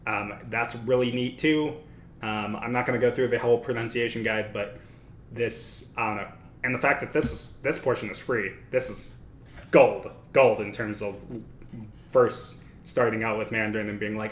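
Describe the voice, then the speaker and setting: A man's voice: on the low side, fairly even intonation, normal speed, a bit bright. A man hosting a casual study livestream, thinking aloud and correcting himself as he talks. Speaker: livestream host. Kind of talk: casual study-stream talk. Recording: echoey room with faint noise.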